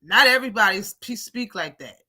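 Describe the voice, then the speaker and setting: An animated woman with runs a casual boxing live stream. She talks bluntly, laughs easily and answers her viewers one by one. Her voice is bright and clear. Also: on the high side, a little fast. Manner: blunt, animated, laughs often, reads out chat. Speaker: boxing talk show host.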